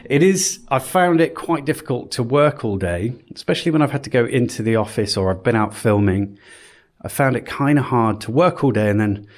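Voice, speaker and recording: Out of breath, a man with a medium-pitched voice chats casually for a home vlog while renovating his house indoors. He rambles and pokes fun at himself, and the sound is roomy.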